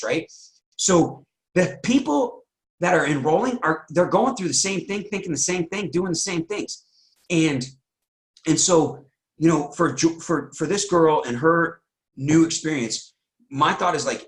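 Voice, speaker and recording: A man coaching a group on a call, talking energetically with many restarts and acting out excited quotes. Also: medium pitch. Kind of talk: motivational coaching talk.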